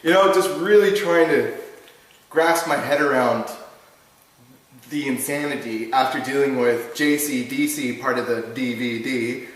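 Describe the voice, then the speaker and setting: A man telling a story in casual chat, animated, swearing often and laughing, recorded far from the mic in an echoey room. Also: medium pitch, unhurried. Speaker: podcast host.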